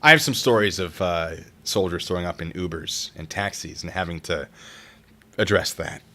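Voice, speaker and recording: A man's voice: low voice, normal speed, pushed and bright. A man streaming live, reading reader stories aloud and reacting to them and to chat in a chatty, wry way. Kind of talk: casual live-stream commentary.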